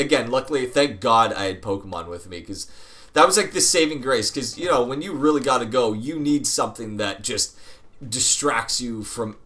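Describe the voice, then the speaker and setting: Chatty let's-play guy with a bright, forward voice, rambling and swearing through an anecdote. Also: medium pitch. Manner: rambling, profane, often laughing. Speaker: gaming video host. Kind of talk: casual storytelling over gameplay.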